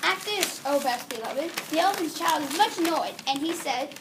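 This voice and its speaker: A woman teacher with a high voice reads a children's storybook aloud to a class, now and then pausing to fix a slip. She sounds set back from the microphone, with a faint hiss underneath. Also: lively intonation. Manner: stops to correct herself while reading. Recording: distant mic with faint background hiss.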